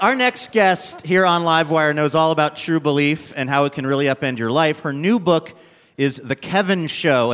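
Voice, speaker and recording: A man's voice: a little high, fairly bright tone, big-room sound. A male radio host introducing a guest and asking her casual questions. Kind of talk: live radio interview.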